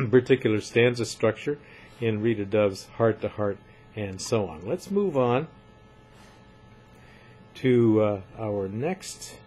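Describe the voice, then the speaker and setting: A man giving a recorded literature lecture, measured and emphatic, often repeating points for his students. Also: mid-range voice, darkish tone, slightly rough.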